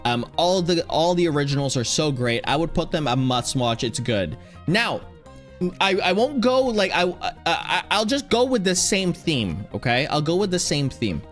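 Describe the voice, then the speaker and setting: A man talks casually as a streamer, rambling from one thought to the next. He restarts sentences often and leans on fillers. His voice sits slightly high for a man. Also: very animated, moderate pace, soft background music. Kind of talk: casual chat.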